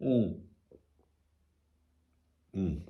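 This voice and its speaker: A man from the UK hosting a casual morning football vlog at home, chatty and swearing freely, with a chesty cold that has him clearing his throat. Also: low-pitched, animated, extremely slow, highs cut off. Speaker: football channel host. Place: indoors at home. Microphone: camera on tripod.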